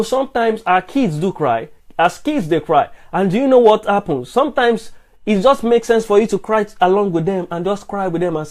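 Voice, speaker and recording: A man's voice: high-pitched, a little mellow. A man preaching a sermon during a live stream, earnest and repetitive, often restarting his words.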